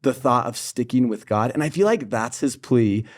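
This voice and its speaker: A man's voice: medium pitch, moderate pace. A young man co-hosting a faith podcast, chatting casually and telling a personal story with animation. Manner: animated storyteller who acts out the people he quotes. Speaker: podcast co-host.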